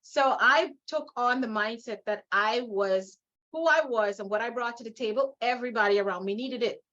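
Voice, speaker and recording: A middle-aged woman from Guyana with a Guyanese accent, telling her story as an interview guest in an emphatic, animated way, laughing often. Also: a little high, moderate pace, lo-fi sound. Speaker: guest, leadership coach.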